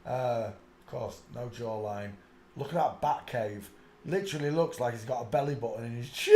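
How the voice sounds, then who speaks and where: A man's voice: lively intonation, moderate pace. Male streamer, rambling commentary with muttered asides, echoey room, mid-range voice. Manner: breaks into high shrieking laughter. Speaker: live stream host.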